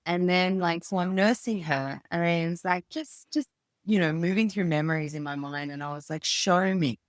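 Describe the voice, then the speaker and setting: A woman in her thirties talks on a podcast in a notably low voice. She is reflective and unhurried, thinking aloud between pauses. The sound is dry and close. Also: fairly even intonation, no echo. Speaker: podcast guest. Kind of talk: casual conversation.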